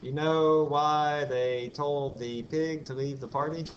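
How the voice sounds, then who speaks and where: A man's voice: fairly high pitch, steady tone, slow. Man lecturing a physics class. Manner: explains step by step, asks the class questions and tells asides. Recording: dull lo-fi classroom recording with faint hiss.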